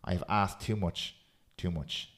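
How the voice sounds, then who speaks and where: A man hosting a podcast, chatting casually and reading a poem aloud in a steady, earnest way. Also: low-pitched, unhurried. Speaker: podcast host.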